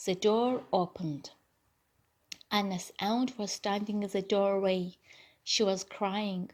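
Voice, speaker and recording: A woman narrating a graded reader audiobook in a clear, deliberate manner. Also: medium pitch, fairly even intonation, a little mellow. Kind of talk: slow scripted narration for learners.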